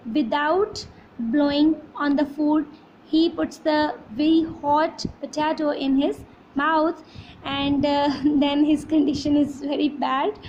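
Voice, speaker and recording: High-voiced, slow teacher. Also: female voice, fairly even intonation, lo-fi sound, a little hiss or hum. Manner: slow, sing-song reading with puffing sound effects; addresses students as beta. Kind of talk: reading a children's poem aloud and explaining it.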